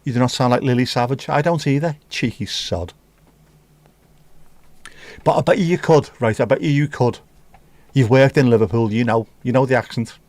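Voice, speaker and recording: Pausing often, a man with a medium-pitched, slightly mellow voice chats casually on a livestream from a home room at a moderate pace, with no echo. He reads viewers' messages and talks cheekily with them.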